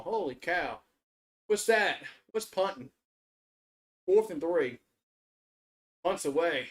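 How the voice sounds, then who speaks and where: A man's voice: fairly high pitch, expressive, slow, pauses often. A man giving casual live play-by-play and reaction on a stream, rambling with repeated restarts, cursing and getting worked up. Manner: rambling, repetitive restarts, swearing, gets worked up.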